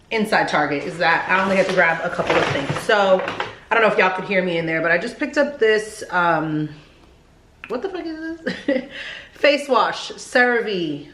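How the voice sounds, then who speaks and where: A woman's voice: mid-range voice, a bit bright, poor audio. A pregnant woman in her thirties chats casually and candidly to her viewers, calling them y'all and mixing in plenty of slang. She records herself on a handheld camera, mostly from her car and at home. A faint hum of car and room noise sits behind her voice. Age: 30s. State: heavily pregnant. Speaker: vlogger. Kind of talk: chatty vlog talk.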